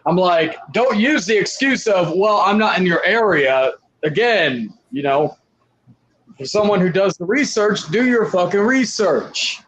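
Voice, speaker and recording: A man's voice: sits high, expressive, measured pace, fairly bright tone, poor audio. A man hosting a casual group chat, emphatic and swearing, restarting mid-sentence.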